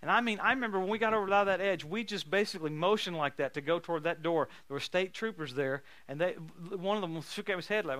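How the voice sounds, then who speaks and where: A man preaching a sermon, telling stories in an animated, folksy way and laughing often. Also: sits high, quick pace, hardly any pauses, dry recording. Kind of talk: sermon with storytelling.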